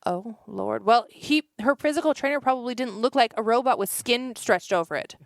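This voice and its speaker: A woman's voice: on the high side, fairly quick, vocal fry, dry recording, studio quality. A woman co-hosting a casual podcast chat, telling stories with frequent laughter. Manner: laughing, chatty storytelling. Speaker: podcast co-host.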